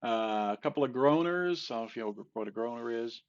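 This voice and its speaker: An older man tells groaners in a loose, halting way, with plenty of fillers and restarts and a shrug whenever he botches a punchline. His voice has a gravelly fry to it, and the recording sounds dull and lo-fi. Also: medium pitch, expressive. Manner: rambling, halting delivery with many fillers and restarts; self-deprecating, laughs off flubbed punchlines. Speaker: joke teller. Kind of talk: casual joke telling.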